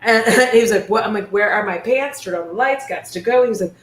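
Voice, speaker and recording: A young woman hosting a casual chat, telling stories in an animated way with acted quotes. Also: medium pitch, fast, roomy sound. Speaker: host. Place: indoors at home.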